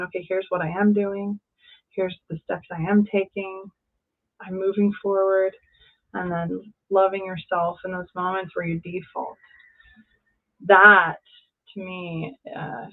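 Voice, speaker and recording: A woman life coach speaking as an interview guest, earnest and encouraging, in short phrases over a remote call. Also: on the low side. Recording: tinny phone-like line.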